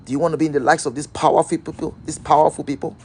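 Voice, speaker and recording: A man's voice: fairly high pitch, flat delivery, very fast, darkish tone, a little hiss or hum. A man hosting a live-stream motivational talk, repeating rhetorical questions and calling out viewers by name. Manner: calls out viewers' names. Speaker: host.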